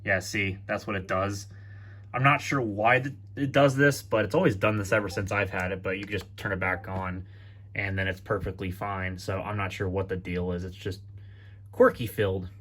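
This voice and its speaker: Man, tech vlog walkthrough, fairly low voice, rambling, thinks out loud. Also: fairly even intonation, moderate pace. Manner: rambling, self-correcting, thinks aloud. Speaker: tech vlogger.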